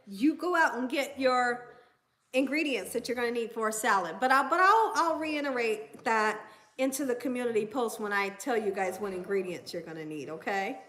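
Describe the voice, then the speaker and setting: Southern woman host, high bright voice, chatty livestream manner. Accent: Southern American. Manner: chatty, reads viewer comments aloud, coos to her dogs. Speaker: cooking channel host. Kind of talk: casual livestream chat.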